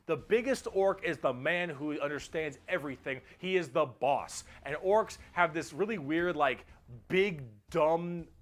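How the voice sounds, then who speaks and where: A man's voice: fairly high pitch, a bit bright. A man in casual chat, enthusiastically rambling as he explains a tabletop wargame and mimics brutish characters. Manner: enthusiastic, rambling explainer who acts out dumb-brute voices.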